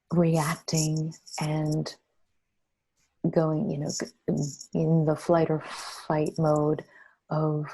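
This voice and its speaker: A woman, an interview guest, gently talking through soothing self-compassion affirmations. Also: low voice, breathy edge, low-quality recording. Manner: soft, slow, soothing affirmations.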